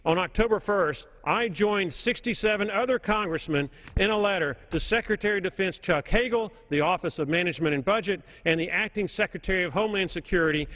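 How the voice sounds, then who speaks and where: A man giving a formal, emphatic floor speech as a congressman in a large legislative chamber, repeating key points for stress at a podium microphone. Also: high voice. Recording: reverberant chamber, dull broadcast audio.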